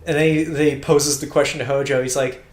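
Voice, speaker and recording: A man's voice: mid-range voice, level tone, quick pace, echoey room. A man recapping a show in casual chat, rambling and acting out quoted lines. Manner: rambling, restarts often, acts out quotes. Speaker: podcast co-host.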